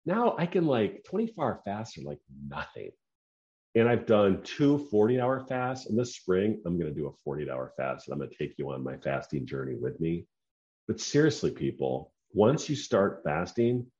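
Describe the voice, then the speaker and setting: A man's voice: sits low, mellow, highs cut off. A man giving an emphatic, opinionated casual monologue as a podcaster. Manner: emphatic, opinionated, self-assured.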